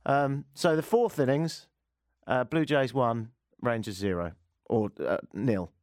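A man's voice: mid-range voice, measured pace, darkish tone, dry recording. A man hosting a comic radio talk show from the studio, ranting in a sarcastic, self-mocking way. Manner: sarcastic, self-mocking rants with mimicked chants.

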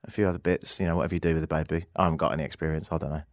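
A man hosting a radio talk show, telling a story in a casual, animated way and acting out the people in it. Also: a bass voice, very fast, dry recording, studio quality. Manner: animated storyteller, acts out quoted voices. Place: radio studio.

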